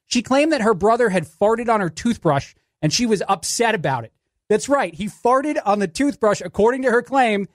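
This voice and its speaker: A man's voice: high-pitched, animated, normal speed, dry recording, studio quality. A man filling in as a radio talk show host, rambling sarcastically through a casual monologue. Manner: sarcastic, rambling, restarts often.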